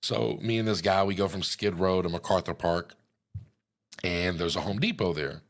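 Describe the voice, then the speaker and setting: A man's voice: deep voice, normal speed. A man telling a story in a casual, matter-of-fact way.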